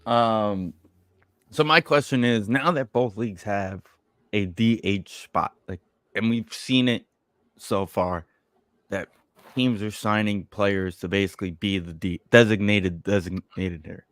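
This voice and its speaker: A man's voice: on the low side, measured pace, fairly bright tone, no room sound, studio quality. A man co-hosting a podcast in casual sports chat, joking and swearing freely as he talks. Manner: profane, joking, loose banter. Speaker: podcast co-host.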